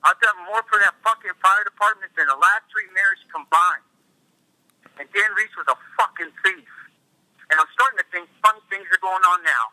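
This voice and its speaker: A man's voice: sits high, moderate pace, pushed and bright, no room sound, rough recording. A man, a mayor in an angry, profane rant, repeating himself. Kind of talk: angry rant in a private meeting.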